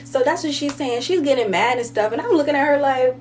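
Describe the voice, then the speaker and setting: A woman's voice: high-pitched, fairly quick, slight background noise. A woman telling a casual storytime, rambling and slangy, full of fillers like "like" and "you know". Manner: slangy and conversational. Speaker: vlogger.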